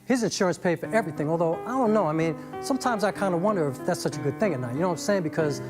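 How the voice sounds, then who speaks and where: A man's voice: high-pitched, lively intonation, very fast, music in the background. A man narrating a spoken-word monologue in a casual, streetwise way. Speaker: narrator and solo performer.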